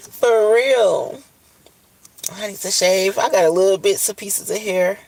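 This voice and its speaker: A woman's voice: medium pitch, measured pace, darkish tone, a little hiss or hum, poor audio. A woman on a casual livestream, talking bluntly and profanely about love and self-care, worn out after a long cry. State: puffy-eyed after crying. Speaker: livestream host. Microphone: phone camera.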